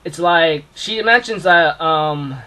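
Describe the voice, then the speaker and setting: A man giving an excited, casual recap of an anime episode, full of fillers and shouted sound effects. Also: fairly high pitch, slow pace, poor audio. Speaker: anime reviewer.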